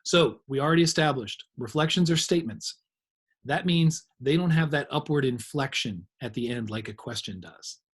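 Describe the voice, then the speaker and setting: A man's voice: mid-range voice, expressive, moderate pace, breathy edge. A middle-aged man giving a recorded training lecture, explaining in a conversational way with examples and asides.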